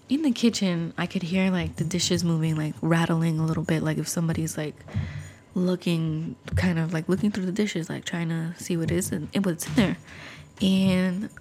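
A woman with a fairly low voice and a lot of vocal fry tells a spooky story for her podcast. She keeps it casual and chatty, filling her sentences with little asides to the listeners. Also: a little mellow. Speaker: podcast host.

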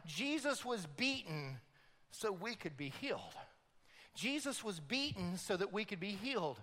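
A man preaching a sermon, dramatic and building to loud emphatic peaks. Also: high voice, big pitch swings, normal speed, big-room sound. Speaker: pastor.

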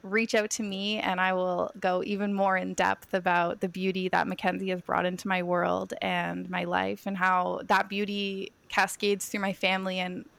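Gushing woman podcast host, gravelly edge. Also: mid-range voice, completely flat delivery, normal speed, hardly any pauses, fairly bright tone, dry recording. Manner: effusive and gushing, laughs often. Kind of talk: casual podcast conversation.

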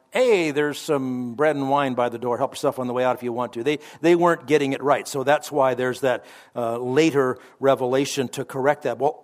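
A man with a medium-pitched voice teaches the Bible as a radio pastor. He's conversational, tossing in offhand asides and correcting himself, and slows down to emphasize the scripture he quotes.

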